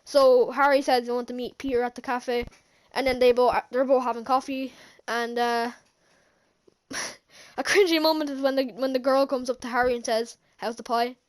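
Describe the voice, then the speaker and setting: A woman's voice: high-pitched, fairly even intonation, moderate pace. A woman recapping a movie in a casual, rambling way, laughing often and restarting her sentences. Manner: rambling, giggly, many restarts. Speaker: movie reviewer.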